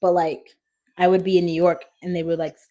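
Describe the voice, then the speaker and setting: A woman in her thirties from Washington State chats on a phone live stream at home, laughing often as she reads viewer comments. Her lowish voice is mellow and level, and she talks briskly.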